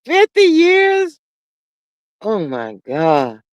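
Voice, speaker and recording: Woman, livestream host, sassy gossip chat, drawl, swooping expressive pitch, dry close sound. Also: very slow, dry recording, lo-fi sound. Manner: sassy, drawling, peppered with "child" and "honey"; reads viewer comments aloud. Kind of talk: casual gossip chat with live chat readers.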